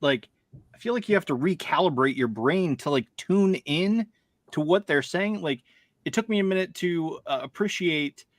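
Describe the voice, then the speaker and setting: A man's voice: on the high side, lively intonation, moderate pace, no room sound, clean studio sound. A man co-hosting a casual live-stream chat over a video call, hesitant and searching for words. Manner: hesitant, many fillers and restarts.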